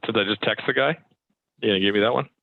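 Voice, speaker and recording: A man's voice: lowish voice, quick pace, no echo. A man chatting casually between cold calls, talking in loose runs with fillers and restarts. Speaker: sales rep making cold calls. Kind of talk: casual chat while cold calling. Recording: tinny phone-like call audio.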